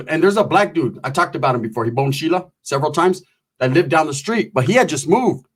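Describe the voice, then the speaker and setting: A man spins a long, rambling story, cursing freely and dropping slang. His voice sits a bit higher than most men's. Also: expressive, fairly quick, a bit bright. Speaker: comedic storyteller. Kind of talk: casual storytelling.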